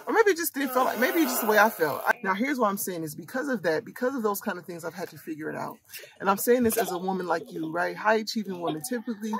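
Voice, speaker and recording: A woman's voice: medium pitch, lively intonation, fast, a crowd in the background. A woman in her late thirties from Michigan, hosting a casual storytime, talking in a candid, earnest way that circles back and repeats itself. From Michigan, USA. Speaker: host and coach for women.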